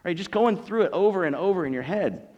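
A man preaching a sermon as pastor, telling a story with animated acted-out voices. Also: high-pitched, a little fast, muffled recording.

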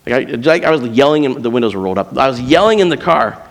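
A man's voice: medium pitch, expressive, quick pace, gravelly, few pauses, in a large hall. A man preaching a sermon as pastor, conversational and often building to emphatic, pleading passages, in a church auditorium.

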